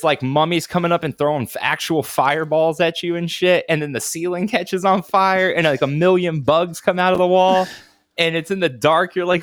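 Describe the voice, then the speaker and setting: A young man casually recounting a theme park trip over a call, excited, swearing often and saying "dude.". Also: fairly high pitch, no room sound, studio quality. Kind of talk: casual chat. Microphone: remote call.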